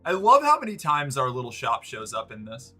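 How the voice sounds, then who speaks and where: A man's voice: medium pitch, wildly swooping pitch, fairly quick, bright, forceful tone, soft background music. A man streaming live, chatting casually and rambling, often restarting and swearing. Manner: rambling, self-interrupting, swears.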